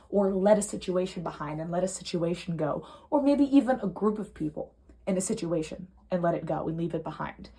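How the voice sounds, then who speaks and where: A young adult woman giving a pick-a-card tarot reading at home, earnest and emotional, swinging from soft to heated. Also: medium pitch, breathy edge. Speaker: tarot reader. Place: home room.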